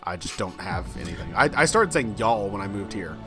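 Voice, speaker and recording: A man from Kansas co-hosting a podcast in a relaxed, easygoing way and often laughing. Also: fairly low pitch, fairly quick, music in the background. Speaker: podcast co-host. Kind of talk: casual chat.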